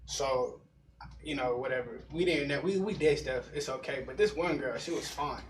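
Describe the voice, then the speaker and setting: A man's voice: medium pitch, moderate pace, a little hiss or hum. A young man in his teens telling stories casually in slangy talk, often laughing. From Denver area, USA. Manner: slangy, laughing, animated storytelling. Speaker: panel guest. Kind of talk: casual storytelling. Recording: roomy sound from far off the mic.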